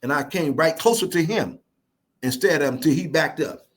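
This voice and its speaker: A man guest telling stories in a fast, animated, playfully boastful way during a casual interview. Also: a little high. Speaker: guest speaker.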